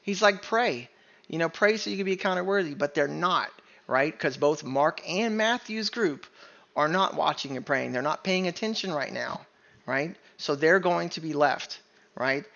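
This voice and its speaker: A man's voice: on the high side, expressive, normal speed, gravelly, sharp tone, dull audio. A man teaching a Bible study sermon in an emphatic way, often stopping to ask "right?". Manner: emphatic, keeps asking "right?".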